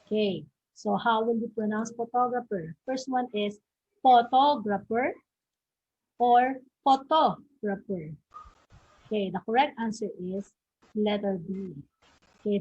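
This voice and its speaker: A woman teacher with a Filipino accent giving an online lesson, saying "okay" again and again and drawing out slow model pronunciations. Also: medium pitch, a little mellow. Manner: fills with frequent "okay". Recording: husky, dull lo-fi home recording.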